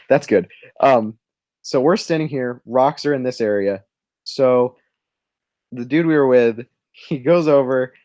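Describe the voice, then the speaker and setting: A man's voice: mid-range voice, darkish tone, dry recording, studio quality. Young man rambling through a story. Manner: rambling, self-interrupting, laughs while telling a story. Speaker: livestream co-host drawing. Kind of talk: casual storytelling.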